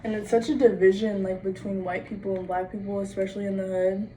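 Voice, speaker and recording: A woman's voice: mid-range voice, little pitch movement, quick pace, warm tone. Blunt young woman ranting from afar. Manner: blunt, profane, fills every phrase with "like". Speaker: vlogger. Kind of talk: casual monologue to camera. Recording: distant mic with faint background noise.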